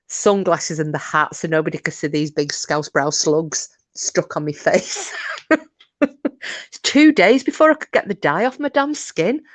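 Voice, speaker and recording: Deep-voiced and chatty, this middle-aged woman keeps her livestream audience entertained with lively, funny anecdotes, laughing and turning aside to talk to viewers. It's casual storytelling, with no echo in the recording.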